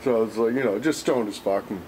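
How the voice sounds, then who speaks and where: A man's voice: lowish voice, fast, heavy background noise. Rambling, foul-mouthed man. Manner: rambling, heavy swearing, many fillers. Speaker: vlogger. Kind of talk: casual storytelling vlog.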